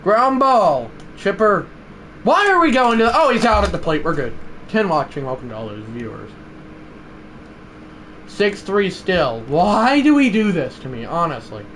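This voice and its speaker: In live gameplay commentary on a ball game, a young man with a fairly high voice keeps a measured pace, erupting at big moments before dropping back to a murmur. Quiet room noise lies under his excitable stream.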